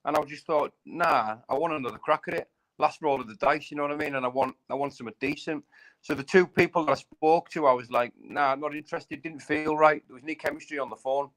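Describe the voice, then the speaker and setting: A man's voice: medium pitch, fairly bright tone, rough recording. Blunt, slang-heavy man in his thirties. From England. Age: 30s. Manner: blunt, slangy, repeats "you know what I mean". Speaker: bare-knuckle fighter. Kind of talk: casual live chat.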